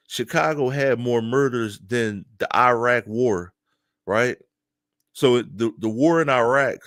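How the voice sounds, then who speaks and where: A man from Philadelphia giving casual, animated opinion commentary to his viewers, laughing often and talking straight to them. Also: medium pitch, dry recording, studio quality. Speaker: news commentary streamer.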